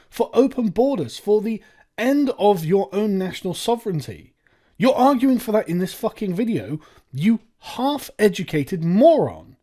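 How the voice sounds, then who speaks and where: Sarcastic man ranting with a lively voice. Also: sits high. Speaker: commentary video host. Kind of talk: reaction commentary.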